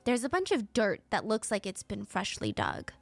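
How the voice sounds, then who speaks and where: A woman's voice: medium pitch, huge pitch swings, normal speed, vocal fry, dry recording. Woman, true crime podcast host; suspenseful, chatty narration in a dry, close voice. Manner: dramatic, suspenseful pacing with casual asides. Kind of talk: storytelling narration.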